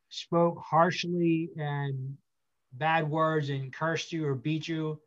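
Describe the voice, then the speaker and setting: As a guest pastor, a man with a fairly high voice offers earnest counsel, repeating himself for emphasis and slowing down to stress key phrases. The sound is lo-fi.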